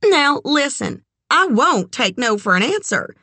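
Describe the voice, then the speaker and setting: A woman voicing a brash, bubbly young woman who talks loud, high and gushing. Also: sing-song, measured pace, no room sound, exaggerated voice.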